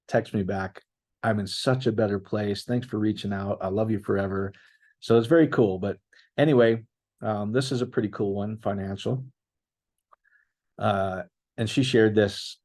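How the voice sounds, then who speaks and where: Male pastor, middle-aged, low husky voice, casual sermon delivery. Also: dark tone. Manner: conversational, reads out testimonies, addresses listeners as guys.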